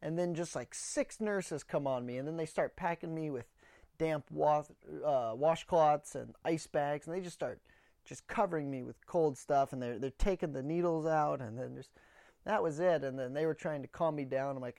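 The voice is fairly high, creaky and darkish, moving at normal speed with no room sound at all. Alone at a close podcast mic, this host rambles through a comedic story with blunt sarcasm, a little short of breath.

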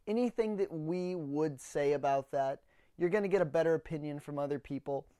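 A man's voice: a little high, a little fast, warm tone, no room sound, clean studio sound. A man hosting a comedy podcast alone, telling a rambling story in a blunt, sarcastic way and a little out of breath. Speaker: podcast host. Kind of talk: solo comedic monologue.

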